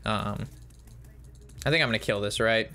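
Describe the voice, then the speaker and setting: A man's voice: fairly low pitch, normal speed, pushed and bright, a little hiss or hum. A man streaming and telling stories in a casual, rambling and profane way. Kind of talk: casual storytelling while streaming.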